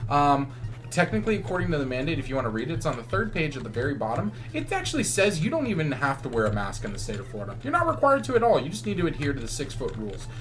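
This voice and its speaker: A young man casually telling a sarcastic, animated story while gaming. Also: fairly high pitch, rapid-fire. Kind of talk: casual storytelling over gameplay.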